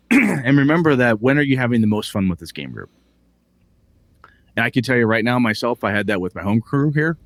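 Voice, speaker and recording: A man's voice: mid-range voice, big pitch swings, fairly quick, pauses often, dry recording. A man in his forties co-hosting a tabletop gaming podcast, talking casually in a profane, ranting way. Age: 40s. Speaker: podcast co-host.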